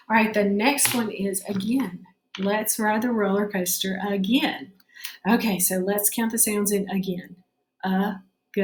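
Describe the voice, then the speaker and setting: A woman teacher giving a spelling lesson to children, patiently sounding out each word slowly and checking in with her class. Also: medium pitch, reverberant.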